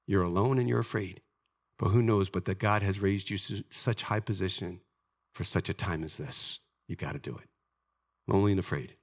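A middle-aged male pastor preaching a sermon, telling scripture stories dramatically and swinging from loud, emphatic peaks down to hushed, low lines.

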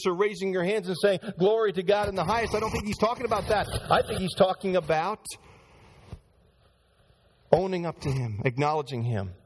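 A male pastor preaching a sermon in church, speaking straight to the congregation and acting out the voices he quotes. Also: sits high.

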